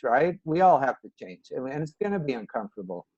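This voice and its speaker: A man chimes in on a team call with measured, earnest remarks. His voice is mid-pitched and comes through dry and close, with a somewhat dull, muffled sound. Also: very animated, a little mellow, slightly rough, dry recording. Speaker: team member. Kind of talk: casual meeting talk.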